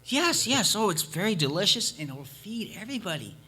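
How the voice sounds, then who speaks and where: A man voicing an excited little village girl who insists on the wonder of the stone soup. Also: high-pitched, a little fast, slightly rough, voice pushed up, full character voice.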